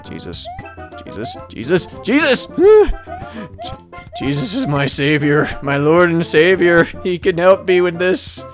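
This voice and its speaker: A man giving casual gameplay commentary as a let's player, laughing often, swearing, and breaking into loud frustrated outbursts. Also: on the high side, lively intonation, measured pace, soft background music.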